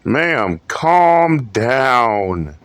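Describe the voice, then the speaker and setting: A man hosting reaction commentary in a blunt, mocking, deliberate way. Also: medium pitch, big pitch swings, a bit bright, clean tone, dry recording. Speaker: commentary host.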